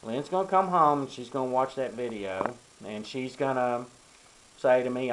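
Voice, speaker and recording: A man's voice: medium pitch, normal speed, a little hiss or hum, low-quality recording. An older man from Arkansas, giving casual, rambling advice to young men, full of ums and you-knows. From Arkansas, USA. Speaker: vlogger. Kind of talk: casual advice talk to camera.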